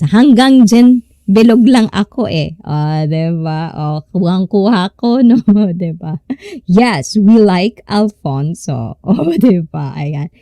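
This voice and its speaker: A woman's voice: lowish voice, warm tone, no room sound, studio quality. Giggly Filipino woman hosting a live stream. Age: 30s. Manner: giggly, mixing Tagalog and English while reading chat. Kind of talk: casual live-stream chat.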